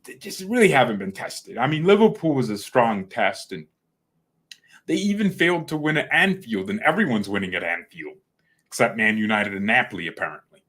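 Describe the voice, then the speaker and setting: A man's voice: mid-range voice, a bit bright. A man hosting a football fan channel, ranting casually and bluntly, trash-talking players and rivals and repeating words when he gets heated. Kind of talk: casual opinion rant to camera.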